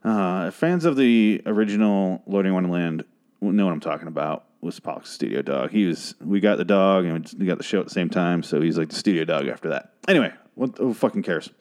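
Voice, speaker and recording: A man hosting a podcast, recapping a TV episode in a rambling, sarcastic, profane rant, his voice a little hoarse. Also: low voice, expressive, brisk, darkish tone. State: voice getting hoarse.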